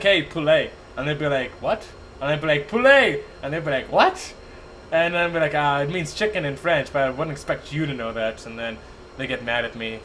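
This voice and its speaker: A young man casting a strategy game live from his home attic, excitable, laughing often and chatting with his viewers. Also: a little high, a little hiss or hum. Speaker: esports caster. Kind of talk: live game commentary with chat banter.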